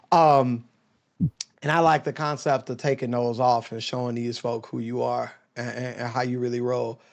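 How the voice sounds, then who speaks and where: A male writer in a casual chat, talking in an emphatic, animated way and laughing often. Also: medium pitch, normal speed, gravelly. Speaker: writer and podcast guest.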